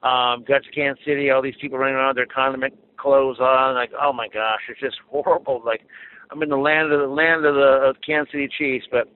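A man's voice: medium pitch, flat delivery, brisk. Chatty man calling in over tinny line. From Minneapolis, Minnesota. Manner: chatty, cheerful, rambling. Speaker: caller. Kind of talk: phone-in fan call. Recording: tinny phone line with faint hiss.

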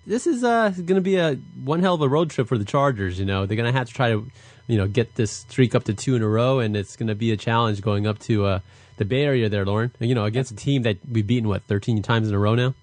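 An upbeat male co-host rambling about the week's game, full of fillers. His voice is mid-pitched and sounds dry and close. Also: fast, a little mellow, no echo. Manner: upbeat, talks with lots of fillers. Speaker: podcast co-host. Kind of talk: casual sports chat.

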